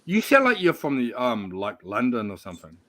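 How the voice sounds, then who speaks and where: A man's voice: medium pitch, huge pitch swings, a little fast, sharp tone, dry recording. A man on a boxing watch-along, hesitant and full of ums, who keeps pushing fighter statistics. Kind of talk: casual group chat.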